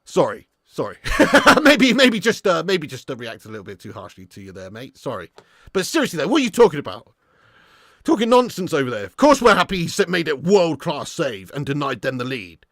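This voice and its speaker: A man hosting a live football watch-along, commentating and reading viewer chat, excitable and swearing freely. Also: mid-range voice, fairly quick, no room sound, studio quality. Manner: excitable, swears freely, swings from muttering to shouting. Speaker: fan channel host.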